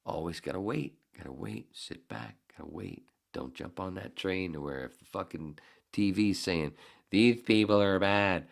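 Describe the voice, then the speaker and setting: A man's voice: low voice, lively intonation, normal speed, creaky. A man in his fifties, a podcast host, telling a story in a casual, heated and profane way. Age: 50s.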